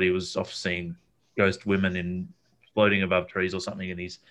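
Man, low voice, rambling anecdote with plenty of ums and restarts. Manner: rambling, with many fillers and repeated words. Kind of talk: casual storytelling chat.

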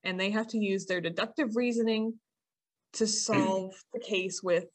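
An American woman chatting casually with friends and explaining game rules as moderator, animated and self-deprecating. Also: mid-range voice, a little slow. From United States.

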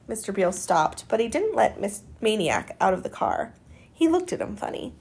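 A woman reading a novel aloud, expressive and dramatic in her storytelling. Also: mid-range voice, moderate pace, vocal fry, breathy edge. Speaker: audiobook reader.

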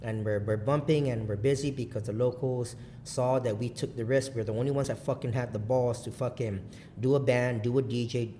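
A man from Guam telling stories in a loose, profane, rambling way, laughing loudly at his own punchlines. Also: mid-range voice, steady tone, fairly quick, a little hiss or hum. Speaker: podcast guest, coffee bar founder. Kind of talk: casual storytelling chat.

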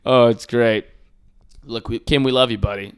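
A man's voice: medium pitch, fairly even intonation, moderate pace, clean tone, no room sound. Young male podcast co-host, brash and profane, clean dry studio voice. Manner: loud, crude and joking, swears a lot and laughs often. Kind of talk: casual comedic chat.

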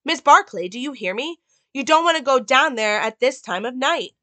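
A woman's voice: high voice, animated, normal speed, bright, forceful tone, no echo, voice pushed up. A woman reading the lines of a weary, skeptical male police detective in a dismissive, patient manner.

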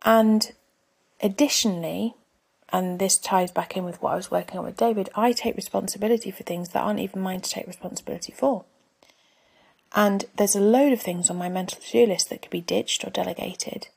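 A woman's voice: medium pitch, fairly even intonation, a little fast, vocal fry, a little mellow, husky. A woman hosting a podcast, talking candidly in a reflective personal monologue, often dropping to a near-whisper. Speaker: podcast host.

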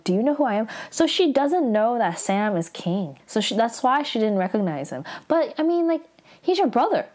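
A young woman recaps a drama episode in a loose, chatty way, with "like" scattered through her lines. She breaks off for quick, reactive asides in a mid-range voice. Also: mid-range voice, darkish tone.

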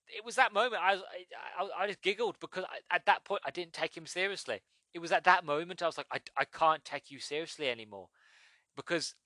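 A man giving a casual, rambling spoken game review, often restarting his sentences and acting out lines from the game in sudden loud bursts. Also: medium pitch, no room sound. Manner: rambling, chatty, with frequent restarts.

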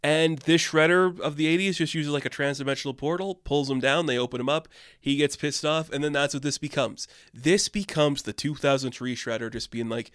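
A man's voice: fairly high pitch, a little fast, fairly bright tone, clean tone, no room sound, studio quality. A man hosting a podcast, giving a casual, rambling and opinionated film review. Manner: rambling and opinionated, many fillers. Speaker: podcast host.

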